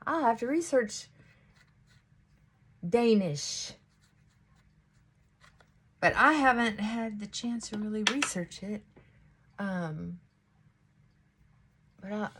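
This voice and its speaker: A woman's voice: medium pitch, animated, slow, pauses often, a bit bright, husky. A middle-aged woman chatting casually to viewers while she does her makeup at home. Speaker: beauty vlogger. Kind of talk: casual get-ready-with-me chat.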